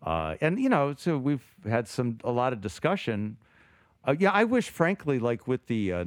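Animated man thinking aloud, dry sound. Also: medium pitch, no echo. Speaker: podcast co-host, theologian. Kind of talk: casual theological discussion.

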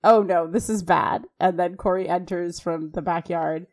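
A woman co-hosts a casual podcast and walks through a sitcom episode scene by scene. She rattles off quoted lines quickly and animatedly, with a light conversational tone. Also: fairly low pitch, fairly even intonation, a little mellow. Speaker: podcast co-host. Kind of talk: casual recap chat.

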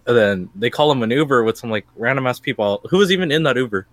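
A young man telling a story casually to friends, animated, laughing often and swearing. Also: medium pitch, fast talker, dry recording.

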